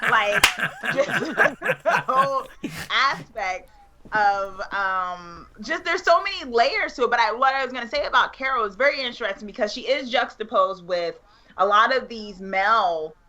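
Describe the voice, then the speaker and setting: A woman chatting casually on a call, lively and animated, often acting out her own reactions. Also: on the high side, normal speed. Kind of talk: casual chat.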